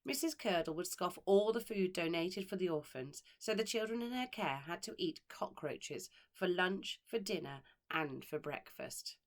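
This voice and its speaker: A woman who teaches primary school, reading a children's story aloud with expressive delivery and dramatic pauses. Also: lowish voice. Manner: expressive, dramatic pauses, slows on key words.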